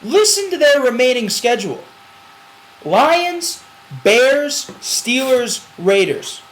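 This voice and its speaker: A man's voice: very high-pitched, takes it slowly, rough recording. Guy talking football picks, voice bouncing all over, rambles and laughs a lot. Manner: rambling, animated, laughs while arguing. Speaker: sports podcast co-host. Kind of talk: casual sports chat.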